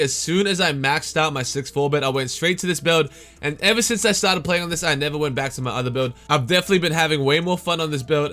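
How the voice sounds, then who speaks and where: A man's voice: fairly high pitch, fairly bright tone. A tired young man hosting a casual gaming tutorial, upbeat and chatty, saying "man" and "guys" often. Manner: hyped, repeats "man" and "guys". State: tired, slightly worn voice. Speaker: gaming YouTuber host.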